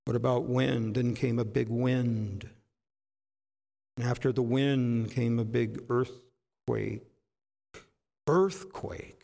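A man's voice: medium pitch, steady tone, takes it slowly, gravelly, long pauses. A man preaching a sermon with dramatic emphasis and rhetorical questions. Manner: dramatic, rhetorical questions, swings between loud bursts and hushed asides.

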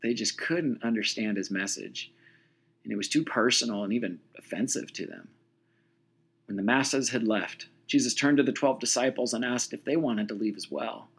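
Husky-voiced man telling a sermon story. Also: medium pitch, moderate pace.

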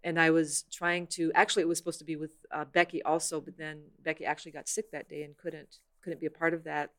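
A woman's voice: deep voice, flat delivery, quick pace, fairly bright tone. A woman hosting a casual faith-based podcast chat, talking in an earnest, reflective way with many "you know" fillers. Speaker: podcast host.

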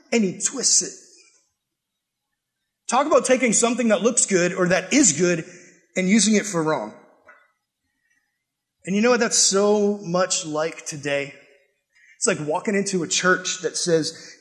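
A man's voice: sits high, expressive, a little slow, long pauses, fairly bright tone. A man preaching a sermon, emphatic and conversational, with frequent rhetorical questions. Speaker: pastor.

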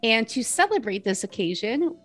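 A woman's voice: a little high, very animated, normal speed, soft background music. A woman in her forties, an interview guest, chatting casually with lots of fillers and giggles. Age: 40s.

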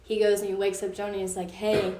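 A woman's voice: medium pitch, little pitch movement, quick pace, mellow. Chatty young woman teaching Bible story. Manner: chatty, filler-heavy storytelling with frequent "like". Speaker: youth Bible study leader. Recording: roomy echo from a distance.

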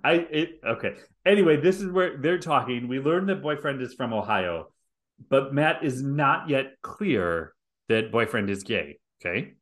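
A man's voice: mid-range voice, animated, unhurried, a bit bright. A man from the American Midwest with a Wisconsin accent, co-hosting a podcast and joking and teasing in casual chat. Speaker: podcast co-host.

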